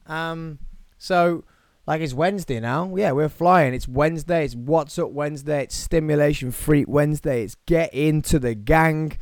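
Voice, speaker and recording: Excitable man hosting solo. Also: on the high side, moderate pace, dry recording, clean studio sound. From United Kingdom. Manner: excitable, rambling, self-mocking. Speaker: podcast host. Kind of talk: solo podcast monologue. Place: his own small studio, alone.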